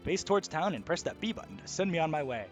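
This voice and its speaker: A man's voice: a little high, big pitch swings, quick pace, soft background music. A man voicing a polite, fussy male bat creature with genteel, old-fashioned phrasing.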